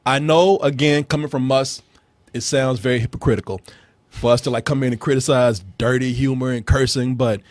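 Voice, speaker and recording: A man hosting a film review podcast, talking in casual chat, excitable and laughing often, with many restarts. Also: mid-range voice, a little fast, dry recording.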